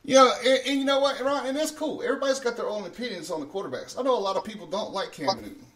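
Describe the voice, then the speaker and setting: A man's voice: high voice, rapid-fire, fairly bright tone, recorded from a distance. A man hosting a morning show in casual, profane chat, laughing often at his own jokes. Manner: swears freely, laughs often at himself.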